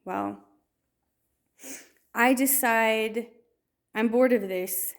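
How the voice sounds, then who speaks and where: Slow-talking woman telling a story. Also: on the high side. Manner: storytelling with many restarts and fillers. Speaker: testimony speaker. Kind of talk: personal faith testimony.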